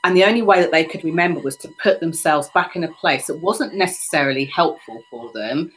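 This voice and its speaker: A woman's voice: sits low, fairly quick, low-quality recording. A woman hosting a podcast interview, telling a personal story in a reflective, conversational way. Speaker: podcast host.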